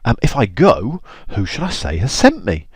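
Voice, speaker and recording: A man's voice: medium pitch, wildly swooping pitch, moderate pace, breathy edge, no echo, pitched above the performer's own voice, heavily acted. A man voicing a humble, hesitant shepherd who sounds worried, while telling a Bible story in a lesson. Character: anxious humble male shepherd.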